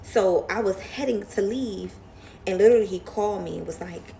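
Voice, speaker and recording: A young woman chats to her camera, retelling a story with lively animation and acting out the other voices. Her voice has a gravelly, fried texture. A faint hiss sits under the recording. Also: medium pitch, normal speed. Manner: chatty, animated retelling, mimics voices in quotes. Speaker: vlogger. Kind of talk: casual storytime chat.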